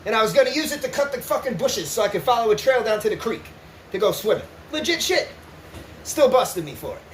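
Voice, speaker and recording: Very high-voiced, profane storytelling man. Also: very animated, a little fast. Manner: profane, rambling, keeps asking "right?"; breaks into laughs. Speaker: vlogger. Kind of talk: casual storytelling to viewers. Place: indoors, riding an exercise bike. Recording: roomy echo with faint noise.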